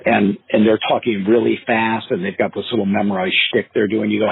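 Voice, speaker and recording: Brief: male sales coach, low husky voice, phone-line sound, animated storytelling. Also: a little fast. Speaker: real estate sales coach. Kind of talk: podcast interview, anecdotal advice.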